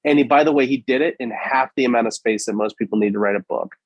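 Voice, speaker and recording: A man's voice: medium pitch, quick pace, dry recording, highs cut off. Enthusiastic man on a dry mic. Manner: enthusiastic, emphatic about craft. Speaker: podcast co-host. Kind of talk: casual conversation.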